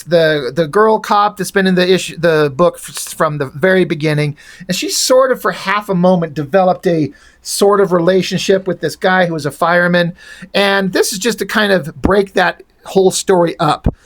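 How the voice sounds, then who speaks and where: A man's voice: high-pitched, fairly bright tone. A man reviewing comic books in casual, rambling chat, frank and swearing freely.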